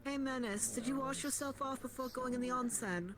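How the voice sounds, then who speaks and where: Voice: high voice, a little fast, fairly bright tone. A role-player in a live-streamed academy roleplay, asking nosy, teasing questions in casual in-character banter.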